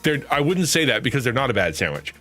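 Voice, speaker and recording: Bright-voiced rambling male streamer. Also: fast, faint music behind. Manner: rambling, self-correcting, jumps to high excited pitch. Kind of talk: casual chat.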